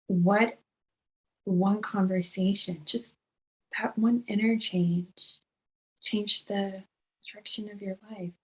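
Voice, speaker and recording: A woman's voice: medium pitch, fairly even intonation, slow, long pauses, poor audio. A woman hosting an interview, reacting in a reflective way. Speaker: host. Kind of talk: casual interview chat.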